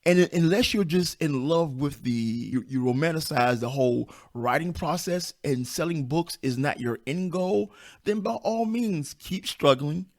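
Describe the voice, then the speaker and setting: A man in his fifties with a squeaky voice, hosting a podcast as a self-publishing coach and speaking off the cuff in a blunt, emphatic way, repeating his key points. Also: expressive, measured pace. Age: 50s. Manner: blunt and down-to-earth. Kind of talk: unscripted motivational podcast monologue.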